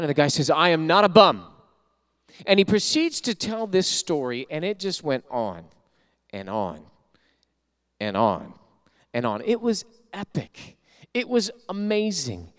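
High, smooth-voiced male pastor preaching. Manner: animated storyteller who acts out quoted voices. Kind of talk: sermon with storytelling.

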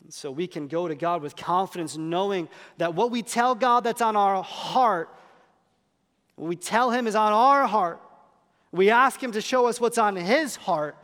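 A man's voice: high-pitched, unhurried. A man in his thirties, a pastor preaching a sermon and telling self-deprecating stories about his young children. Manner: self-deprecating storytelling, lively voice changes. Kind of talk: sermon with humorous family stories. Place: church hall. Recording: long reverb of a large hall.

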